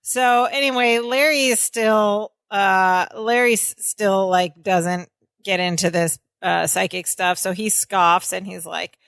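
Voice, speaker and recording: A woman's voice: medium pitch, steady tone, takes it slowly, creaky, a bit bright, smooth, no room sound. Woman casually retelling a sitcom scene. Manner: conversational, laughs often, retells scenes. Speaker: podcast co-host. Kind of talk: casual chat recapping a sitcom episode.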